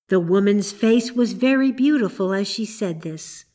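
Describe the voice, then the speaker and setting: A woman narrating a storybook in a gentle, measured way. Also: mid-range voice, lively intonation. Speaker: audiobook reader.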